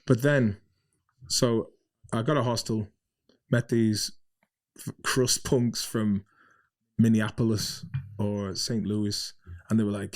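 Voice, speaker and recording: A man's voice: fairly low pitch, steady tone, takes it slowly, long pauses. An Irish man telling casual, swearing anecdotes as a podcast guest. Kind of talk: casual storytelling.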